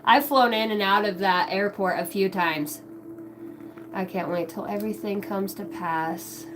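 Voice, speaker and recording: A woman's voice: medium pitch, fairly even intonation, measured pace, background noise. A middle-aged woman hosting a tarot livestream, chatting casually, swearing often and jumping between chat comments. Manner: profane, scattered, reads chat aloud.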